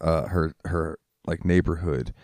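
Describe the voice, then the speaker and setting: A man's voice: very deep voice, fairly even intonation, measured pace, darkish tone, no echo. A man co-hosting a podcast, laid-back and crude, laughing easily as he tells stories. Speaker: podcast co-host. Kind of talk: casual chat.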